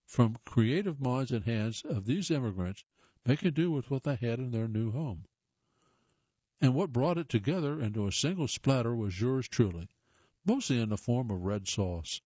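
A talking tomato tells its own story, voiced by a man reading aloud. The tone is mellow and relaxed. The sound is dry and slightly muffled. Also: medium pitch, dry recording, close to an everyday voice. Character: talking tomato narrating its history. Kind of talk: read-aloud first-person piece.

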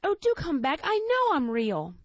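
A woman's voice: high voice, wildly swooping pitch, moderate pace, no echo, highs cut off, voice pushed up. A woman voicing a shy little male toy rabbit who speaks in an earnest, pleading way.

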